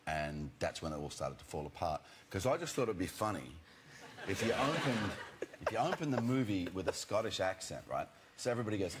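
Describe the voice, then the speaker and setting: A man's voice: fairly low pitch, sing-song, fairly quick, a little hiss or hum. A man in his forties, an actor guest on a chat show, telling wry, jokey stories in a loose, casual way.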